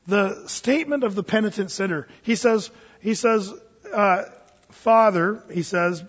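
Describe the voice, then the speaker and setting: A man's voice: sits high, a little slow, fairly bright tone. A man preaching a sermon as a pastor in a church, talking conversationally and acting out the people he quotes. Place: church sanctuary. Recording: dull, echoey church hall.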